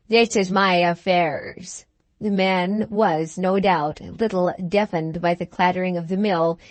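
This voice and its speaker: A woman narrating an audiobook in a slow, deliberate reading. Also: lowish voice, a little mellow, dry recording.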